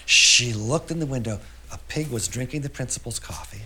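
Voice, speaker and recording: A storyteller giving an animated live performance of a children's tale, oinking as the pigs and swinging between loud and soft. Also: medium pitch, brisk, over a noisy crowd. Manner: animated, shifts loudness for effect, oinks as pigs. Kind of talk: lively storytelling performance for an audience. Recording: live recording with audience noise.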